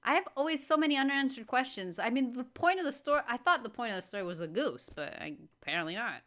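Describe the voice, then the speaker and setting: Bright, animated woman reacting. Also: fairly high pitch, fast. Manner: exclaiming, full of incredulous questions. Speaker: reaction video host. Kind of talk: casual reaction commentary.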